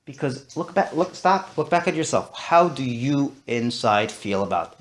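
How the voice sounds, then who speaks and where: A man's voice: medium pitch, very animated, moderate pace, few pauses. A man teaching a discussion-style class, talking animatedly and mixing in Yiddish and Hebrew terms. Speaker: Torah teacher.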